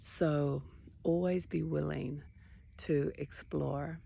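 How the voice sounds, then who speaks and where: A woman who teaches meditation, giving a reflective talk in a gentle, searching way that often trails into a whisper. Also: low voice, steady tone, takes it slowly, creaky, breathy edge.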